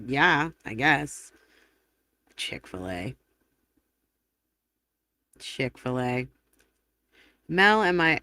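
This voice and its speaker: A chatty woman hosts a live stream, reading viewer comments aloud in a rambling way. Her voice is bright and forceful. The sound is dry and close, with no room echo. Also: sits low. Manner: chatty and rambling, quick laughs and self-corrections. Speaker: livestream host.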